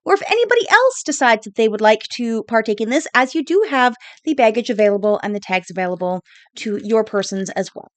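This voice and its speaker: A woman running a tabletop game as game master, chatty and lively. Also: a little high, quick pace, no room sound.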